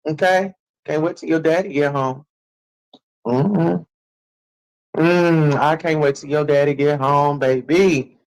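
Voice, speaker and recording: This is a man talking to his live-stream viewers. His voice sits a bit on the high side. He delivers a sassy, brash rant full of cursing, stretching his taunts out in a teasing sing-song. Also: steady tone, takes it slowly, pauses often, low-quality recording.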